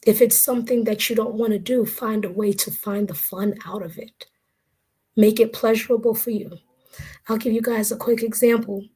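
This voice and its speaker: A woman's voice: a little high, creaky, darkish tone, breathy edge. A woman hosting a casual spiritual livestream, frank and motivational, swearing casually. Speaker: spiritual reader and host.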